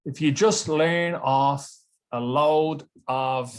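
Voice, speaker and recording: A man's voice: on the high side, very slow. A man teaching an online English lesson to a webcam, playful and jokey, repeating words for drilling.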